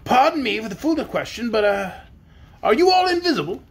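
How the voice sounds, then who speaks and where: A man's voice: very high voice, very animated, fairly quick, slightly rough, pitched above the performer's own voice, heavily acted. A man voicing a kindly, polite little old wizard in a storybook, who stammers when flustered. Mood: polite, puzzled.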